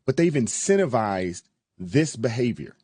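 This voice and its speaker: A man's voice: mid-range voice, very animated, unhurried, warm tone, slightly rough, dry recording. A man in a casual podcast discussion, speaking earnestly, citing data and repeating himself for emphasis.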